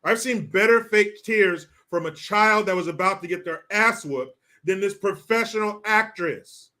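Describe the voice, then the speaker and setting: A man with a high-pitched, pushed, bright voice speaks a little slowly while hosting a live-stream commentary show. He reads out viewer messages and mocks people, swearing plenty and breaking into laughter in casual profane commentary.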